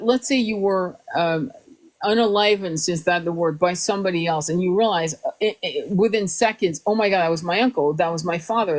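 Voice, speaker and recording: A woman's voice: medium pitch, rough recording. A woman who does spiritual readings and hypnotherapy, talking casually with restarts, stretched words and some swearing.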